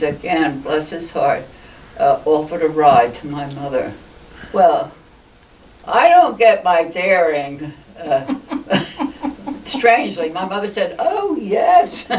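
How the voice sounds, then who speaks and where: An older woman, a ballooning pioneer, tells stories in a casual group interview, chatty and laughing often. Her lowish voice is sing-song and slow, recorded by a distant mic with faint noise.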